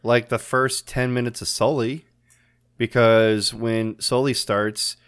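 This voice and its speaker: A man's voice: mid-range voice, level tone, slow pace, fairly bright tone, clean tone. A man co-hosting a podcast, chatting casually and rambling through movie scenes, often laughing as he retells them. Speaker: podcast co-host. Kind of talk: casual chat.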